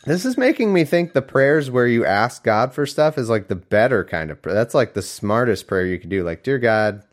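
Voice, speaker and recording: A young man reading scripture aloud and mocking it in casual, sarcastic solo commentary, going from loud bits to mumbled asides. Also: medium pitch, very animated, moderate pace.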